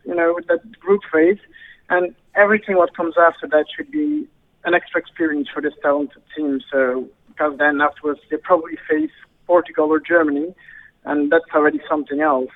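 A man from Belgium with a Belgian accent, speaking English as a guest football pundit and pausing often on "uh" fillers. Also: on the high side. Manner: measured, frequent uh fillers. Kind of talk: phone-in interview. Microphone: phone line. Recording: tinny phone line.

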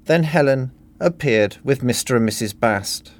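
A man reading his own satirical book parody in a dry, deadpan narration. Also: medium pitch, normal speed.

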